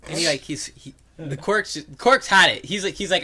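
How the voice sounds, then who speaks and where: A young man co-hosting a casual podcast, his voice bright and sitting a bit high. He rambles through an anecdote with plenty of fillers and slips into animated impressions of the people in it. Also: moderate pace, husky. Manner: rambling, filler-heavy, acts out quotes animatedly. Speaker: podcast co-host. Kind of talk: casual storytelling chat.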